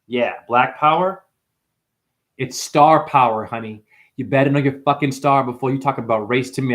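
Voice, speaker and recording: A man's voice: medium pitch, moderate pace, a bit bright. A man ranting on a livestream to his chat, profane and impassioned, jumping from one wordplay to the next. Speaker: livestream host. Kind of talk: rambling livestream rant to chat.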